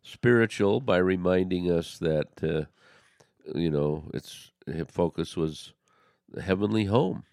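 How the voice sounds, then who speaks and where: A low, gravelly, darkish-toned man talks earnestly as co-host of a religious podcast. In the casual discussion his speech halts with many restarts. The sound is dry and clean, like a studio.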